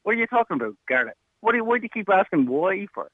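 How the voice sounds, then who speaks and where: A man's voice: high voice, sing-song, very fast, no echo. A man with a South Dublin Irish accent calling a radio show, blunt, condescending and crude as he argues. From Ireland. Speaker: caller. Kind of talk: heated radio phone-in argument. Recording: tinny phone line.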